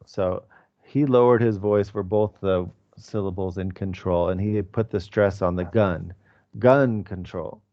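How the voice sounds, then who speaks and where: A man's voice: sits low, fairly even intonation, a little slow, dark tone, muffled recording. A male English teacher explaining pronunciation to his class in a conversational way, with fillers.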